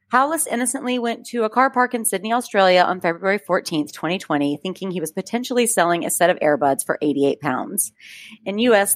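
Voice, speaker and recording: Low-voiced woman telling a true-crime story. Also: dry recording. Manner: reads a script with chatty asides and frequent laughs. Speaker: podcast co-host. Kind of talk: casual true-crime storytelling read from notes.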